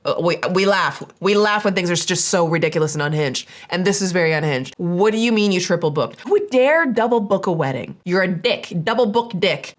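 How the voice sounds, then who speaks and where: A woman hosting a reaction commentary, talking in an animated, incredulous way with frequent laughter. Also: fairly low pitch, fairly quick, hardly any pauses. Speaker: commentary host.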